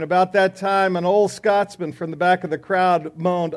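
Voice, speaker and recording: Male class leader opening with joking news. Chatty, rambling, slightly higher voice. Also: fairly even intonation, unhurried. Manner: rambling, chatty joke-telling with filler "uh"s. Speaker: class teacher. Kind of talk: joking announcements before a lesson.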